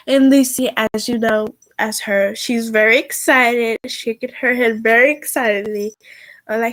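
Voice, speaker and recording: A woman narrating as game master of a tabletop role-playing game, halting and full of fillers. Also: on the high side, steady tone, a bit bright, no room sound, low-quality recording.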